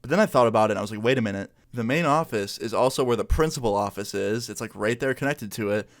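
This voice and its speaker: A man's voice: lowish voice, quick pace. Laid-back young guy telling a story. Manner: laid-back, slangy, peppered with "like" and "you know". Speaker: vlogger. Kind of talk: casual storytime.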